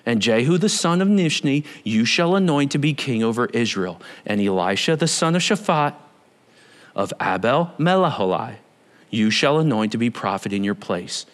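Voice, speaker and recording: A man preaching, voicing God in a slow, low and measured tone that drops to a hush. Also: sing-song, natural voice. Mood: solemn. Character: God, a calm, solemn, commanding male deity. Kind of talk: sermon Bible reading.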